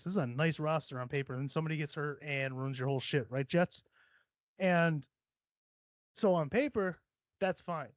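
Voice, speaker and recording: A man's voice: fairly high pitch, no room sound. A man hosting a podcast in casual chat, talking about himself with lots of profanity and self-mockery. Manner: profane, self-deprecating, rambling. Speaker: podcast host. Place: room at home. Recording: dull, dry sound.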